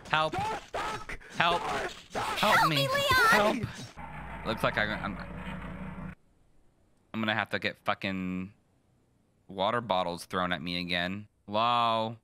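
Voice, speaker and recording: A young man playing a horror game, joking, swearing and reacting loudly in casual commentary. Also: lowish voice, a little slow, pauses often, a little hiss or hum. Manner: joking, profane, loud reactions. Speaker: gaming streamer. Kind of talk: casual let's-play commentary.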